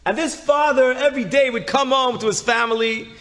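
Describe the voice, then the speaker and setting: A man telling a story, animated, swinging between loud emphasis and soft hushed lines. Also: very high voice, brisk. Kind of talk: spoken storytelling.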